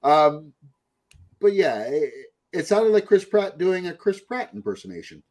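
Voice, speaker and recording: Man, podcast host, casual rambling chat, swearing, very lively pitch. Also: measured pace. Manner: rambling, profane, puts on mocking voices.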